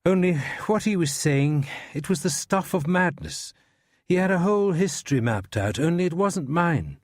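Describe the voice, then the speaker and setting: A man's voice: a little high, animated, moderate pace, no room sound, clean studio sound. An actor playing an evasive older male academic from Scotland, defensive under police questioning.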